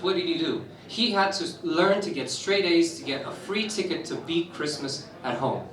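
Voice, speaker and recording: A young man from Romania telling a personal story at an open mic, animated and laughing through the funny parts. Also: fairly high pitch. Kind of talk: spoken-word storytelling. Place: live stage in a roomy venue. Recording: echoey room, voice from some distance.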